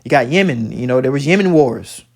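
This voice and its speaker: A man's voice: medium pitch, expressive, fairly quick. A man giving profane, preachy religious commentary while reacting to a video, talking emphatically with many stammered restarts.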